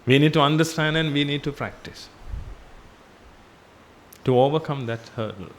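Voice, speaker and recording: Against slight background noise, a man with a somewhat high voice speaks at an ordinary pace, preaching a Buddhist sermon in a temple hall. He uses repetition and rhetorical questions, quieting his voice when he turns to the "ladies and gentlemen."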